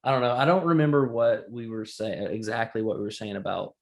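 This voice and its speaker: Brief: male podcast co-host, casual rambler, laughs through his stories, mid pitch. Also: fairly even intonation, fairly quick, gravelly. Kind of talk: casual chat.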